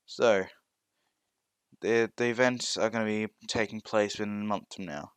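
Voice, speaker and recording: A man telling a fan story in a casual, rambling way. His voice is low and smooth. The recording is dry and close to the mic. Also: fairly even intonation, moderate pace, no echo. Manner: rambling, with fillers and restarts. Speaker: storyteller and content creator.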